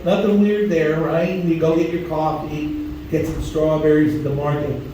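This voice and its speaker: A high, mellow-voiced man works a crude stand-up set, acting out the people in his stories. He sounds far from the mic in a very echoey club, with faint room noise behind him. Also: little pitch movement, normal speed. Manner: crude, storytelling, acts out voices. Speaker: stand-up comedian. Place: comedy club stage, audience laughing.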